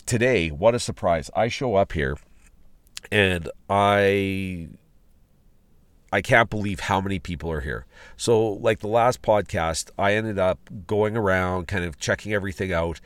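A man's voice: low-pitched, no echo. A man hosting a podcast, recounting a road trip in a rambling, casual way with restarts and fillers. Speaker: podcast host. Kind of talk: casual spoken travel log. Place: outdoors at a ghost town site.

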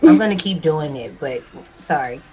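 A woman's voice: low voice, big pitch swings, moderate pace, loud music behind the voice, low-quality recording. A young woman co-hosting a podcast, chatting casually, laughing often and saying y'all. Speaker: podcast co-host. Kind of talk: casual chat.

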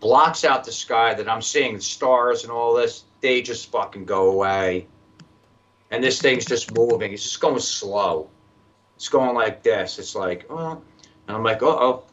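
Profane animated storyteller man. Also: mid-range voice, unhurried, highs cut off. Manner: profane, animated, acts out other voices. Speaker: podcast guest. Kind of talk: casual storytelling.

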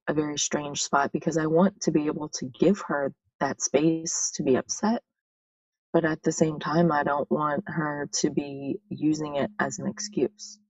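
Slow gravelly low-voiced mother. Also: no echo, far from the mic, highs cut off. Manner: slow, thoughtful, hesitant. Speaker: parent in support group. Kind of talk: casual support-group sharing.

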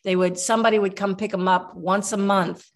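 A woman in her seventies, a guest herbalist, telling long rambling stories in a relaxed interview, with many restarts. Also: mid-range voice, a little fast. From Kentucky.

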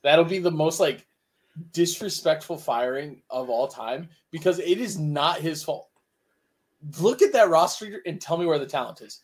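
A man co-hosts a casual sports podcast with a fairly high voice. He argues hard, repeating his lines for emphasis. His talk is loose and opinionated. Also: normal speed. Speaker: podcast co-host.

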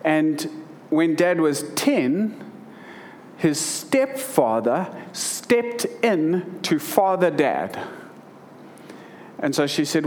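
A man's voice: fairly high pitch, sing-song, slow, long pauses, darkish tone, a little hiss or hum. A man in his thirties preaching a sermon, reading scripture and then telling a personal story earnestly, with emotion and frequent restarts. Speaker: pastor.

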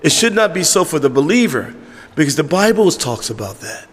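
Male pastor, high voice, emphatic conversational preacher, big church reverb. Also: sing-song, brisk. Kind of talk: sermon. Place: church sanctuary with congregation. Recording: long hall reverb in a church.

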